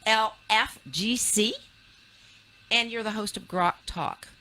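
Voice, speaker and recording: A woman's voice: medium pitch, takes it slowly, pushed and bright, rough recording. A woman from Texas hosting a casual radio interview, chatty and teasing, with many fillers and restarts. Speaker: radio talk show host. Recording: AM radio broadcast with faint noise.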